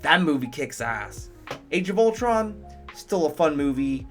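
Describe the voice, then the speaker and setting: A man's voice: fairly high pitch, sing-song, unhurried, fairly bright tone, soft background music. A man reviewing movies in casual commentary, enthusiastic, profane and rambling.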